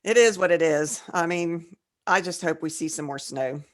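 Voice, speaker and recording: A woman co-hosting a casual writing podcast, trading jokes and reading definitions aloud, a little tipsy. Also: on the low side. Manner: joking, reads definitions aloud slowly. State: tipsy, slurring slightly. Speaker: podcast co-host. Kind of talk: casual chat.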